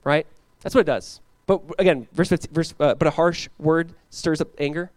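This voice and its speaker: A man's voice: fairly high pitch, dry recording. A man preaching an expository sermon as pastor, acting out the characters he talks about. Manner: animated, acts out biblical characters in quick voices.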